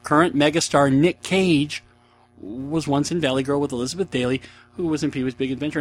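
A man's voice: a little high, steady tone, fairly quick, a little hiss or hum. Rambling, self-mocking male podcast host. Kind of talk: casual solo podcast chat.

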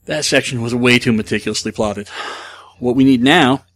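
A man's voice: medium pitch, moderate pace, a bit bright, no room sound. A man hosting a podcast, rambling through a casual monologue with lots of fillers and asides. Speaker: podcast host.

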